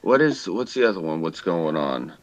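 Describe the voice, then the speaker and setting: With big pitch swings at a normal speed, a low-voiced New York man co-hosts a podcast, rambling casually with lots of fillers and curse words and sounding hesitant. The audio has its highs cut off.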